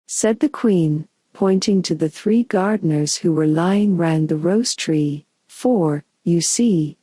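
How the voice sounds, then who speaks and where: Slow, soothing woman narrator. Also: lowish voice, breathy edge, no echo. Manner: calm, soothing and unhurried. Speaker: audiobook narrator. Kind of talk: soothing bedtime story narration.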